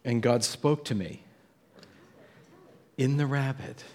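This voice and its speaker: A middle-aged man, a pastor, telling a story in a sermon and jumping his voice up to act out the people in it. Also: slow pace. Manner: animated storytelling, acts out voices with jumps in pitch.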